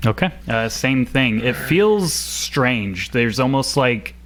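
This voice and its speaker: A man's voice: mid-range voice, lively intonation, slow, fairly bright tone, slight background noise. A man narrating a tabletop game as game master, casual and full of fillers.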